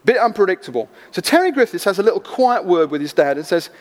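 Guy preaching, high voice, animated storyteller, big echoey hall. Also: fast, few pauses. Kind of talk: sermon storytelling. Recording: long echo of a large hall.

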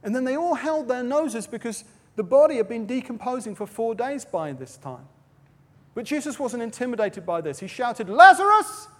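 At a baptism service, a man with a high voice preaches from a platform in a large venue. He tells Bible stories with flair, quoting dramatically and swinging his loudness, and the sound carries a long hall reverb.

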